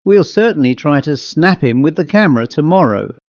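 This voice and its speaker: A man doing a brisk, self-assured medium. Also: animated, a little mellow, dry recording. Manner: crisp, chatty, lifted pitch. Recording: dull lo-fi dry recording.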